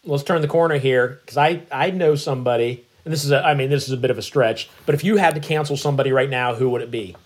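A man's voice: mid-range voice, quick pace, few pauses. A man hosting a casual conversation, easygoing, agreeing often and steering to new topics. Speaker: podcast host. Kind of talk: casual chat.

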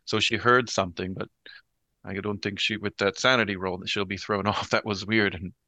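A man's voice: on the low side, fairly even intonation, brisk, pushed and bright, no echo. A man playing a tabletop horror game, hesitantly describing his character's actions with many fillers. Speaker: player.

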